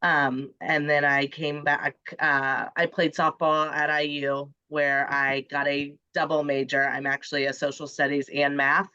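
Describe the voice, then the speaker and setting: A woman in her forties, a junior high math teacher, giving a candid, chatty presentation to other teachers while congested from the flu. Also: level tone, measured pace, hardly any pauses, sharp tone, clean tone, dry recording, muffled recording. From Indiana, US. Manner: candid, chatty, many ums. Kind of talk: webinar presentation. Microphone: computer mic on a video call.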